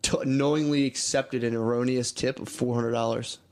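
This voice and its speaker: A man's voice: medium pitch, steady tone, moderate pace, darkish tone. A man in his thirties co-hosting a podcast, telling rambling, crude anecdotes in casual comedic chat. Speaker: podcast co-host.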